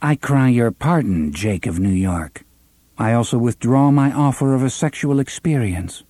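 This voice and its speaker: A man's voice: medium pitch, animated, moderate pace, warm tone, no room sound, lightly acted. A man voicing a smug male train computer with a drawling, complacent manner. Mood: cold.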